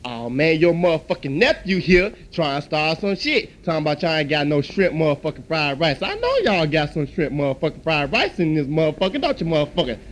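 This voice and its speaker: A man acting out a comedy skit, talking loudly, profanely and with a lot of aggravation. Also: fairly high pitch, very animated, a little fast, few pauses, slight background noise.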